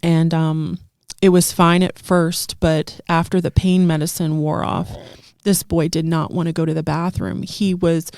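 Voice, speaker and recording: A woman in her thirties, appearing as a guest, shares a heartfelt personal testimony in conversation, earnest and full of fillers. Her low, darkish voice is flat and a little slow with few pauses, captured in a dry, studio-quality recording.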